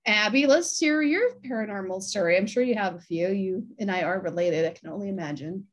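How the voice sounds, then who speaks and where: A woman hosting a casual round-table chat over a video call, relaxed and conversational. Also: mid-range voice, brisk, highs cut off. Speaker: host.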